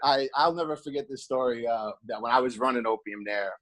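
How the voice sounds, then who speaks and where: A man's voice: medium pitch, fairly quick, a bit bright. A middle-aged man, a former nightclub head of security, telling stories in a casual podcast chat and acting out the dialogue he quotes.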